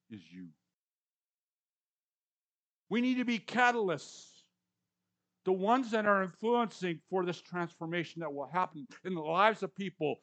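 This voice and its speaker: A man in his sixties preaching a conversational sermon, repeating words for emphasis and swinging between loud and hushed lines. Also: high-pitched. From Canadian or US prairies. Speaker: pastor.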